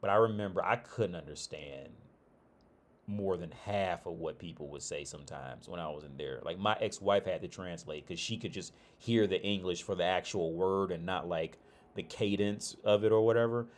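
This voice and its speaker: A middle-aged man from Ohio talks in a deep, low voice. He chats loosely on a casual livestream, swearing freely and often restarting sentences. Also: moderate pace. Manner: rambling, profane, loose restarts. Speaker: streamer.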